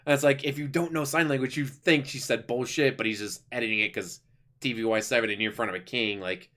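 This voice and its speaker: A YouTuber rambles enthusiastically through a casual review of an animated series, full of fillers and restarts. His voice sits in the mid range, and he talks fast.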